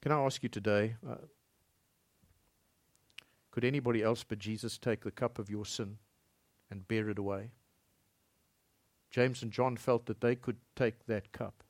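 A man preaching a sermon as pastor in a church, swinging between loud emphatic lines and soft low passages. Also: steady tone, a little slow, long pauses, no room sound.

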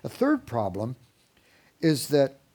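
A man's voice: mid-range voice, slow pace. A middle-aged man speaking on Christian parenting in a sermon style, telling stories and acting out parents and children. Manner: animated storyteller, mimics parents and kids. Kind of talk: sermon-style talk with acted parent voices.

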